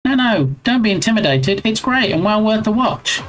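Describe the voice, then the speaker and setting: A man's voice: sits high, sing-song, normal speed, a bit bright, poor audio. A man in his forties with an English accent, chatting casually with his live stream viewers and bantering playfully as he answers their chat.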